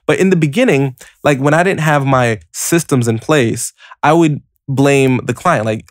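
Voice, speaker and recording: In studio-quality audio with no room sound, this man hosts a motivational podcast at normal speed, barely pausing. His mid-range voice is lively and conversational, packed with "like" and "you know," as he walks the listener through things step by step, addressing them directly.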